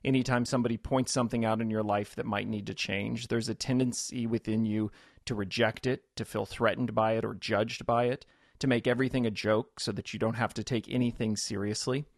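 A man's voice: lowish voice, steady tone, a little fast, dry recording. Man, pastor, radio interview guest, reflective and explanatory, dry close mic. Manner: reflective, explains scripture with quoted voices. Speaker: pastor and author.

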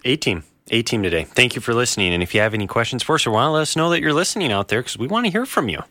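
A man's voice: medium pitch, animated, sharp tone, no echo. A man, the show's producer, chiming in with playful casual banter on air. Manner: quick, playful.

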